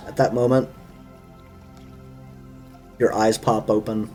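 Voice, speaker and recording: Slow, dramatic male game master. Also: lowish voice, level tone, warm tone, faint music behind. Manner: slow, drawn-out dramatic narration. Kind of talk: narrating a tabletop game.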